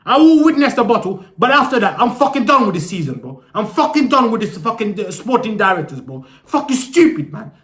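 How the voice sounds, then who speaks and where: A man's voice: sits high, big pitch swings, a little fast, hardly any pauses, fairly bright tone. A young man ranting angrily as a football fan, swearing a lot, stuttering and repeating his words. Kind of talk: angry fan rant. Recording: echoey room.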